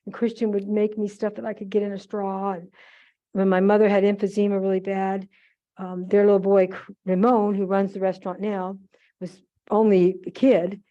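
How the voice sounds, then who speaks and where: An older woman with a mid-range voice tells chatty, rambling stories full of asides while she shows how to decorate for the holidays. Her tone stays level and her speed is normal. The muffled archive recording was made in a museum event room.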